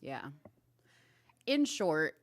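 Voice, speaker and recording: A woman in her thirties hosting a podcast in casual chat, animated and quick to laugh, her voice jumping high when amused. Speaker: podcast host.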